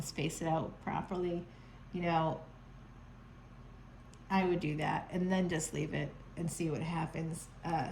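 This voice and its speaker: A woman's voice: fairly low pitch, a little mellow, slight background noise, rough recording. Playful, sarcastic woman reading tarot. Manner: playful, sarcastic, chatty with frequent laughs. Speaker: tarot reader. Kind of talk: casual tarot reading to camera. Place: home.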